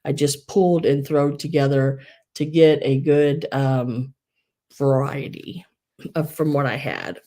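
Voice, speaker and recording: Low-voiced woman hosting a live sale. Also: takes it slowly, mellow. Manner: rambling, many fillers and restarts. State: wheezing. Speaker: live online sale host. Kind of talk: casual live sales chat.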